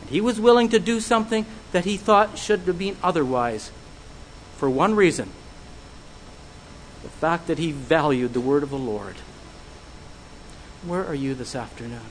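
A man preaching a sermon, earnest and measured, putting searching questions to his listeners. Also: a little high, lively intonation, a little hiss or hum, poor audio.

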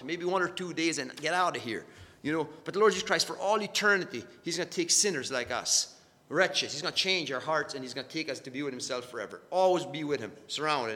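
A man preaching a sermon in a church hall, earnest and halting, often repeating his words as he searches for the next phrase. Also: fairly high pitch, sharp tone. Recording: long hall reverb.

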